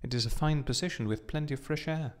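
A man's voice: fairly high pitch, quick pace, pitched above the performer's own voice, close to an everyday voice. A man reading an audiobook, voicing a small, fussy, chatty male swallow who talks straight to the point in a raised voice.

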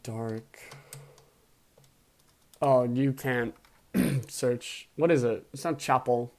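A young man hosting a casual game breakdown in an average-pitched voice. He is excitable and veers between low mumbling asides and loud, worked-up outbursts. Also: extremely slow. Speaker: video host and league player.

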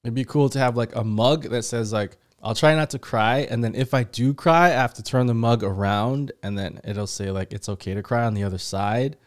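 A man at a middle pitch hosts a movie reaction show. He chats casually and excitedly with his viewers. He rambles, restarts sentences and fills his pauses. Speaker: host of a movie reaction channel.

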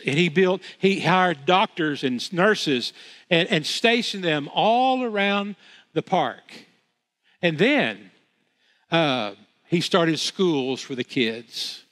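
A pastor with a slightly high, somewhat bright voice preaches earnestly in a church sanctuary. He repeats phrases for emphasis and restarts often, and the church hall's long reverb rings around him.

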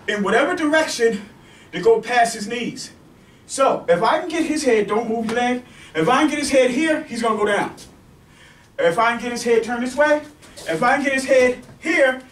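High-voiced man teaching takedowns. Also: a bit bright, slight background noise. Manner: repetitive, checks in with "okay?" and "right?"; demonstrating moves on a partner. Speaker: self-defense instructor. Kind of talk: teaching demonstration. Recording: echoey room, mic far off.

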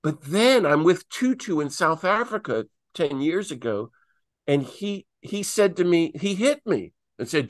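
A middle-aged man, a priest and peace activist, telling stories animatedly and acting out quotes with big swings in pitch, on a video call. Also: sing-song, normal speed, a bit bright, dry recording, clean studio sound. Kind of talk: animated talk answering questions.

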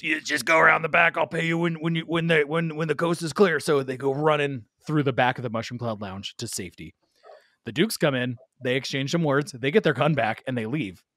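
A man spins a long anecdote in casual podcast conversation, acting out each quoted line and laughing as he goes. His voice sits at an ordinary middle pitch. The sound is dry and close. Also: dry recording. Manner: animated, laughs while telling, acts out quoted lines. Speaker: podcast guest storyteller. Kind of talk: casual storytelling chat.

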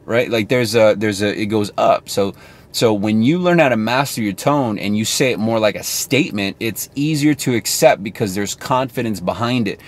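A man with a lowish voice talks casually to camera, coaching viewers on sales. He is chatty and thinks aloud as he goes. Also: normal speed.

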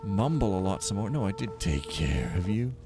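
Low male let's-play host, casual and dry, rambling commentary over game music. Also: very animated, normal speed. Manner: rambling, wry, mumbling asides. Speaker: game streamer. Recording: game music heard clearly behind.

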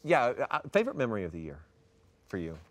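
Casting note: man as TV talk host, bouncy animated pitch, playful and easy. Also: fast. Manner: playful, laughs a lot. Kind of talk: casual chat. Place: TV studio.

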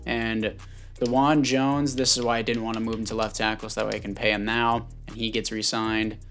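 A man giving casual commentary on a football video game, chatty and thinking out loud, often stumbling over names and correcting himself. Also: fairly low pitch, flat delivery, a little fast, faint music behind. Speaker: gaming YouTuber.

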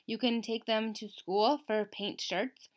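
A clever storybook machine patiently lists its answers one after another, as a woman reads it aloud. Its voice sits on the high side and carries clearly to young listeners. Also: takes it slowly. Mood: helpful. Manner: calm listing of answers. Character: helpful talking homemade machine, patient and clever.

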